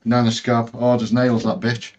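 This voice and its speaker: A man's voice: mid-range voice, flat delivery, normal speed, darkish tone, lo-fi sound. A man chatting as a guest on a live stream, swearing and rambling. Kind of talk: casual live-stream chat.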